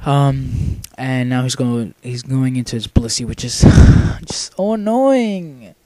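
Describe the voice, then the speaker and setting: Young man, casual game commentary, rambling, filler-heavy, mellow voice, dry sound. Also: mid-range voice, flat delivery, takes it slowly, no echo. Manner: rambling, full of ums, swears casually. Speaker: gameplay commentator.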